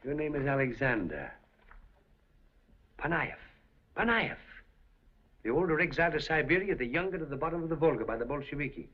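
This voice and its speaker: An actor playing a suave, scheming café proprietor in a 1930s film, speaking in an urbane, deliberate way. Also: male voice, fairly high pitch, sing-song, breathy edge. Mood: sly. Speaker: café owner. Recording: dull 1930s film soundtrack.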